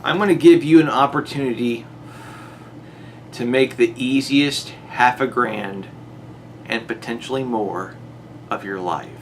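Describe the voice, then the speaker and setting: A man's voice: medium pitch, a little slow, long pauses, slight background noise. A man delivering an exasperated monologue to a rival YouTuber, his voice jumping up on rhetorical questions. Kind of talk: monologue to camera.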